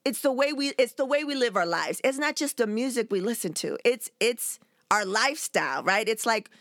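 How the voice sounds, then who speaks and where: A woman in her forties hosting a casual chat, talking in an animated, slangy way and laughing often. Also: on the high side, normal speed, no room sound, studio quality. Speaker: podcast host.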